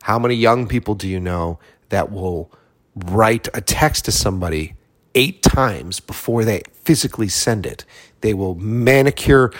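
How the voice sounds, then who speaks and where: A man's voice: lowish voice, measured pace. A man from Boston telling a story in a casual monologue, swearing often and acting out the dialogue. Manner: profane, animated storytelling with acted-out dialogue.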